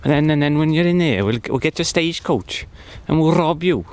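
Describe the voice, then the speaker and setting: A man voicing an old-time male highway robber who sweetly coaxes travellers into the forest. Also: animated, brisk, a little mellow, close to an everyday voice. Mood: coaxing. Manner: sly, coaxing, mock-friendly.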